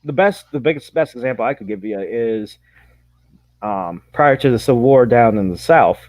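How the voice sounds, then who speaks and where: A man in a casual chat, explaining history in loose, halting asides. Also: medium pitch, animated, darkish tone, no room sound. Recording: dry, dull lo-fi sound.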